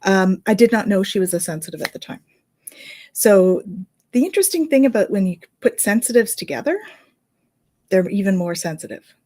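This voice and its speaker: A middle-aged woman, a Reiki healer and medium, casually telling a story in a chatty, animated way. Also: medium pitch, moderate pace, long pauses. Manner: chatty, animated, with fillers and laughs.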